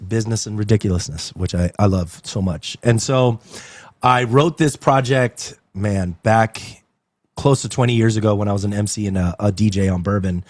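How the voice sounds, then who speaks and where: A man talking as an interview guest in a club, animated and rambling, with many fillers and quick laughs. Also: lowish voice, dry recording. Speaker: interview guest, actor and agency owner. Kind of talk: casual interview chat. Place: club venue indoors.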